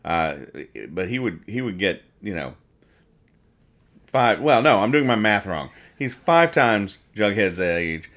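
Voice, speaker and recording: A man's voice: lowish voice, big pitch swings, slow, a bit bright. A man hosting a podcast, casually explaining comic strips in a rambling, self-deprecating way. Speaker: podcast host.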